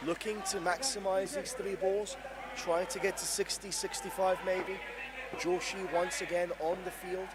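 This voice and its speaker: A man giving live cricket commentary, excitable, breaking into shouts when something big happens. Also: sits high, measured pace. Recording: noisy crowd at an indoor venue. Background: crowd and venue noise.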